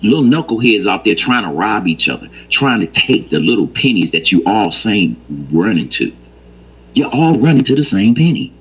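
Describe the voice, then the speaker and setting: A man's voice: on the low side, very animated, moderate pace, slightly rough, low-quality recording. An older man telling stories and ranting in a casual, profane, emphatic way. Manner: profane, emphatic, rises to heated preaching. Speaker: storyteller. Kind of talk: casual storytelling rant.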